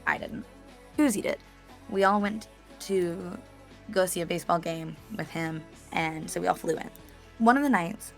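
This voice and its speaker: A woman's voice: on the low side, creaky. A woman casually telling a story, chatty, with lots of fillers. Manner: chatty, animated retelling with many fillers.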